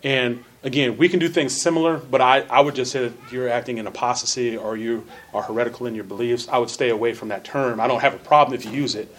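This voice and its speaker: Teaching a church Bible class, a man speaks earnestly, repeating phrases for emphasis and reading scripture slowly with stressed words. His voice sits in the mid range, fairly bright, with fairly even intonation.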